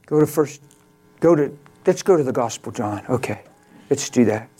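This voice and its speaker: A male pastor preaching a sermon, telling a story and swinging from quiet, slow lines to loud exclamations. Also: medium pitch, animated, breathy edge.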